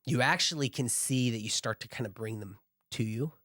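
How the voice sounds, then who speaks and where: A male game master narrating a tabletop game, loose and casual in his delivery. His voice sits at an average pitch. The sound is dry, with almost no room around it. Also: a little fast, bright, forceful tone, no room sound.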